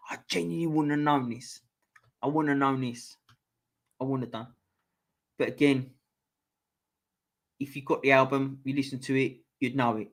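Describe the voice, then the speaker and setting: A young man with a London accent and a fairly high, bright voice hosts a casual live-stream quiz. Between questions he chats offhandedly and swears freely.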